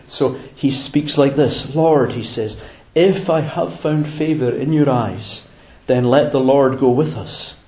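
A man's voice: on the high side, dark tone. Reflective male preacher in an echoey room. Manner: measured, reflective, with frequent fillers and restarts. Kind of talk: sermon.

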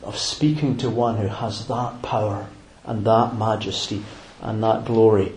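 A man preaching a sermon in a measured, reflective way, pausing on fillers and restarting phrases. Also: on the low side, a little mellow, reverberant, low-quality recording.

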